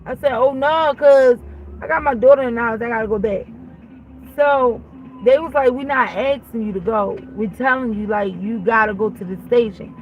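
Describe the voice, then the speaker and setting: At normal speed and in a voice on the high side, a woman vlogger tells a blunt, casual story full of swearing. She brings the conversation to life by acting out both sides. The recording is muffled, with a little hiss or hum.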